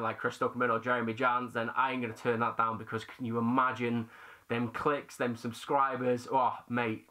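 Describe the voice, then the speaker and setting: Chatty British young man, bright voice. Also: medium pitch. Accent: British English. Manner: chatty, self-deprecating, slangy. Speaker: YouTube movie channel host. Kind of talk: casual Q&A chat to camera.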